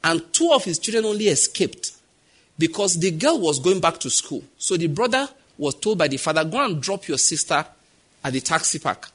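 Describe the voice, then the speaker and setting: A Nigerian man preaching a sermon in a husky, slightly breathy voice that sits a little high for a man. He tells his stories with animation and acts out the voices of the people in them. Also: normal speed. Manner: animated storytelling, acting out quoted voices.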